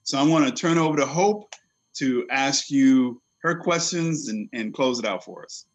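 A man hosting a radio interview show, speaking in a measured, hesitant way with many fillers. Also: medium pitch. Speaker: radio show host, coach. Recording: dull lo-fi call audio.

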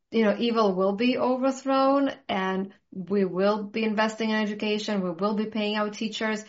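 A woman hosting a casual talk, ranting passionately with strong conviction. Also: mid-range voice. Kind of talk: casual conversation. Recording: muffled lo-fi audio.

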